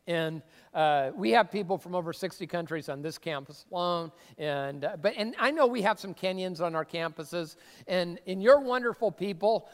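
A man preaching a sermon as a pastor, conversational and emphatic, with sudden bursts of excitement. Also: high voice. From Seattle area. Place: church sanctuary. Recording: long reverb of a church hall.

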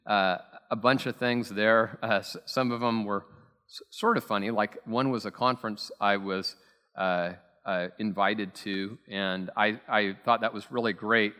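A man's voice: on the low side, steady tone, unhurried, bright, forceful tone, clean tone. A man preaching a sermon as pastor, telling stories in a chatty, self-deprecating way with plenty of fillers. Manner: conversational, self-deprecating storytelling with many fillers. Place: church sanctuary. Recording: long reverb from a church hall.

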